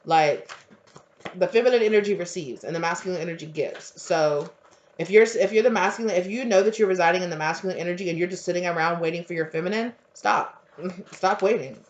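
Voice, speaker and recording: Brief: woman tarot reader, lowish voice, chatty and rambling, dull lo-fi recording. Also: brisk. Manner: rambling, filler-heavy, conversational. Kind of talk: casual spiritual tarot reading. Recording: dull lo-fi audio.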